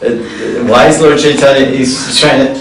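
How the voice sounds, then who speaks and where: Male scripture teacher, relaxed and chatty, mid-range voice, recorded from a distance with a faint hiss. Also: medium pitch, a little slow. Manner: reads verses, then explains them in a chatty way with chuckles. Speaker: spiritual teacher. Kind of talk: scripture reading class. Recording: echoey hall, distant mic.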